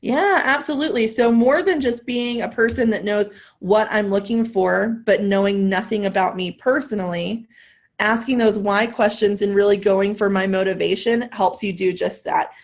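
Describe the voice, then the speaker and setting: A woman's voice: mid-range voice, moderate pace. A woman sales trainer coaching a live role-play webinar, upbeat and laughing often as she acts out both sides of a call.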